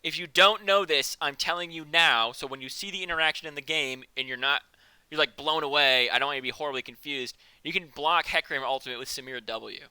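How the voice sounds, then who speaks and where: A man casting a live esports match, joking between quick breakdowns of picks and bans. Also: a little high, smooth, no echo. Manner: joking, excitable, fast analytical patter. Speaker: esports caster.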